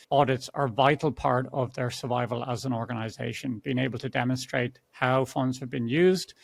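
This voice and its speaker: Man, podcast host, gravelly voice, dry close sound, conversational. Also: mid-range voice, no echo. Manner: conversational, chatty with fillers. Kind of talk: podcast interview.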